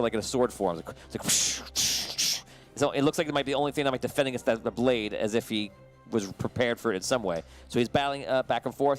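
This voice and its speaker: A man narrating as game master of a tabletop game, talking loosely with many restarts and fillers. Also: mid-range voice.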